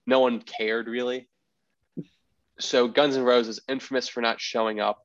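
A man hosting a podcast, telling a story in a rambling, animated way and acting out the people he quotes. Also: mid-range voice, measured pace, no echo, lo-fi sound. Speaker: podcast host. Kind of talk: casual storytelling chat.

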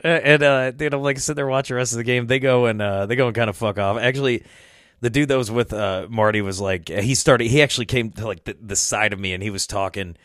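A man's voice: medium pitch, quick pace, fairly bright tone, no echo, studio quality. A man hosting a podcast, rambling through a casual story, swearing a lot and laughing as he talks. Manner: rambling, swears often, laughs mid-sentence. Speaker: podcast host.

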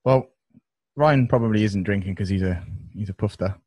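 A man's voice: lowish voice, moderate pace, husky, dry recording. Male podcast host, playful ribbing delivery, dry room. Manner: teasing, excitable. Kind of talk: casual chat.

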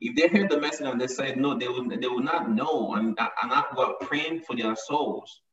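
A man's voice: mid-range voice, moderate pace, a crowd in the background. A man preaching a sermon with emphasis, often repeating his lines to drive them home. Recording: echoey, distant, dull sound.

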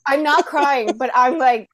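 A woman's voice: high-pitched, a bit bright. A young woman hosting a podcast, telling a personal story animatedly with frequent laughter. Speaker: podcast host. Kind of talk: casual storytelling.

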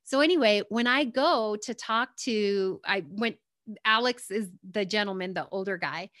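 A woman's voice: mid-range voice, unhurried, a bit bright, dry recording, studio quality. A young adult woman telling a personal story in a casual, rambling way, often circling back with "anyway" and "like". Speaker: guest sharing her story.

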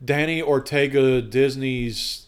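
A man's voice: medium pitch, fairly even intonation, takes it slowly, smooth. A man hosting a casual home podcast, playful and rambling, laughing at his own jokes. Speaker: podcast host. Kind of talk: casual family chat.

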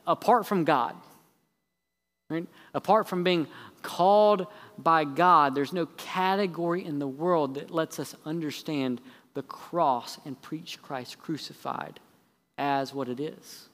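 A man preaching from the pulpit. His voice sits a bit higher than most men's and rings with a long church-hall reverb. He races through sarcastic lists, then slows and drops low for the main points. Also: a bit bright. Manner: heavy sarcasm with quick repeated phrases. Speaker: pastor. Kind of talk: sermon. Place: church sanctuary.

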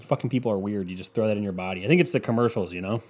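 A man's voice: on the low side, very fast, a little mellow, husky. A young man hosting a solo podcast, ranting in a rambling, sarcastic and profane way. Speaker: podcast host. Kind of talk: casual solo podcast rant.

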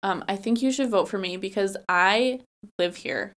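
A woman's voice: mid-range voice, normal speed, fairly bright tone. A woman, a political candidate talking in a casual interview, earnest, with many fillers and restarts.

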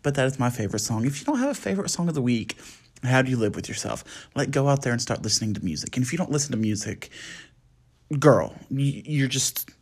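Talking fast in a husky, very animated, medium-pitched voice, this young American podcast host chats solo from home at night. He's sassy and talkative, using lots of fillers.

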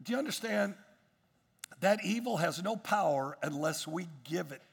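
Pastor guy preaching hard, raspy fry in his voice, big reverby hall sound. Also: high-pitched, expressive, normal speed. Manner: preaching with emphatic rises, many repeated phrases and restarts. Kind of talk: sermon.

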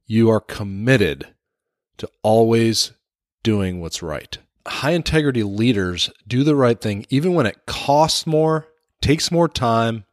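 A man delivering a motivational leadership talk at a middle pitch, telling a personal story earnestly and openly. The recording sounds dry and close, with no room echo. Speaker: leadership speaker.

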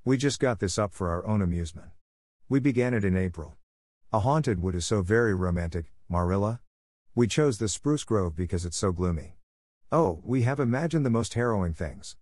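A man's voice: fairly low pitch, lively intonation, moderate pace, a little mellow, dry recording, clean studio sound. A man voicing an imaginative, eager orphan girl of about eleven, talking in a breathless, dramatic rush. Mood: thrilled.

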